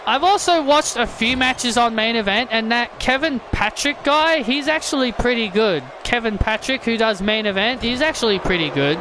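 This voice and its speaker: A man giving excited play-by-play commentary over a wrestling video game, often shouting his calls. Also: very high voice, moderate pace, hardly any pauses. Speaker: gaming commentator. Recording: loud game crowd and noise behind. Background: wrestling game crowd noise.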